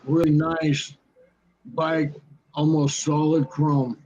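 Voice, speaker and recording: A man telling animated stories in a casual chat. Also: on the high side, slow pace, low-quality recording. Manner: animated anecdote teller. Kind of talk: casual storytelling.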